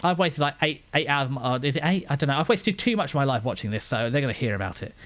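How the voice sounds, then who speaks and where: A man's voice: medium pitch, animated, fast talker, a bit bright. A man giving a casual anime review, ranting with exasperation and frequent restarts.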